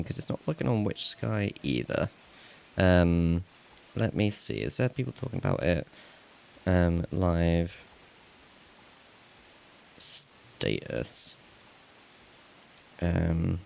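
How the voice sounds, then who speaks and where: A man with a very deep voice and a gravelly, creaky edge chats away on a live stream. He rambles to himself as he sorts out tech trouble, taking his time and chuckling at his own remarks. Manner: rambling, talks to himself while fixing tech; laughs at himself, self-mocking. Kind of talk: casual live-stream chat.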